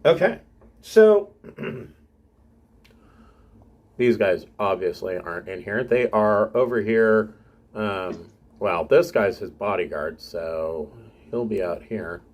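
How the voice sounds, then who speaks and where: A man narrating as game master of a tabletop game, unhurried and often clearing his throat. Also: fairly low pitch, lively intonation.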